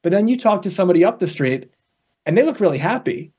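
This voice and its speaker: Coach guy telling little stories, acts out the voices, kinda high voice. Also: fast talker, slightly rough. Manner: animated storyteller acting out little dialogues. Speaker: guest coach. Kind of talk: conversational interview.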